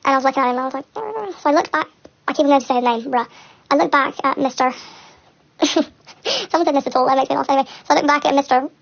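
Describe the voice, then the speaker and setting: A woman's voice: high-pitched, steady tone, very fast, lo-fi sound. A young woman telling a personal story on a casual livestream, rambling and candid, with nervous laughter.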